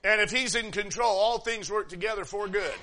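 A man preaching a sermon in an animated way, laughing often and repeating words as he goes. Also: sits high, a little fast.

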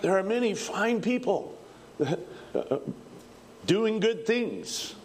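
A man preaching a revival sermon in a folksy, fervent manner, rising to shouts, on an old archival recording. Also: sits high, big pitch swings, extremely slow, a little hiss or hum.

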